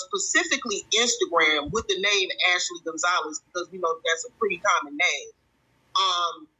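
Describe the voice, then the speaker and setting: A woman hosting a stream and commenting on a viral clip, indignant and halting, with many fillers. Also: fairly low pitch, sharp tone, rough recording. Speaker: stream host.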